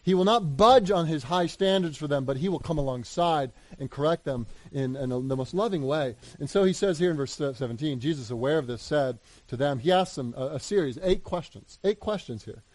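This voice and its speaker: A man preaching a sermon in an earnest way, moving between loud appeals and hushed asides. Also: on the high side, fairly quick, few pauses, no room sound. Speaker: pastor.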